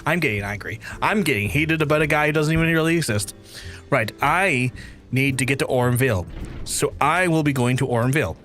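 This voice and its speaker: A man's voice: mid-range voice, brisk, fairly bright tone, faint music behind. A man with a Northern Irish accent chatting casually while streaming a game, rambling and slipping into mock-outraged rants. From Northern Ireland. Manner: rambling, exasperated ranting with mock-outraged quoted asides. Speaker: streamer playing an online role-playing game. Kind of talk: casual gaming-stream chat.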